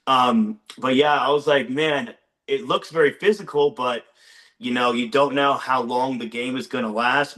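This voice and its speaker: A young man, a former game show contestant, chatting on a video call and excitedly retelling his experience with lots of "like.". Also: mid-range voice. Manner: excitable storyteller, heavy use of "like". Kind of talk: casual chat on a video call. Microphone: video call microphone.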